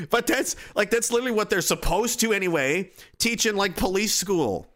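Excitable, profane man ranting. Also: sits high, normal speed. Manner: profane, excitable, lots of "like" and restarts. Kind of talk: casual rant.

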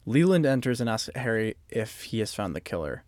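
A man's voice: on the low side, a little fast, dry recording, studio quality. A man co-hosting a casual chat, recapping a TV episode scene by scene and riffing on it with friends. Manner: animated, recaps plot then riffs. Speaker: podcast co-host.

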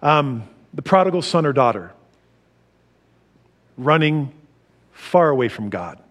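A middle-aged man preaching a sermon, animated, laughing often and swinging from loud to soft. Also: fairly high pitch, takes it slowly. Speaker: pastor.

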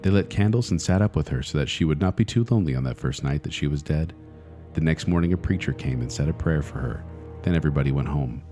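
A man reads a spooky children's tale aloud in a deep, mellow voice. He takes it slowly and deliberately, building suspense line by line, like a host reading to his co-hosts. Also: soft background music. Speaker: podcast host. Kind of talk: dramatic storybook reading.

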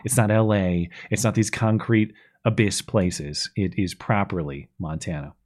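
A low-pitched podcast host speaks at a measured pace, chatting casually as he takes a film apart. He is sarcastic and animated in his complaints.

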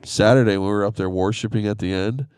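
A man's voice: lowish voice, steady tone, quick pace, a little mellow, clear, resonant tone, dry recording, studio quality. A man co-hosting a casual Christian podcast, talking earnestly and rambling a little, then leading a heartfelt prayer from a church office. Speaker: podcast co-host. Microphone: headphones on a call.

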